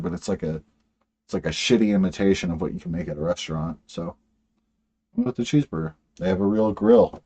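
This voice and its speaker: Mellow-voiced man rambling through a podcast. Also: sits low. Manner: rambling, profane, joking. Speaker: podcast co-host. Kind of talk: casual chat over a video call.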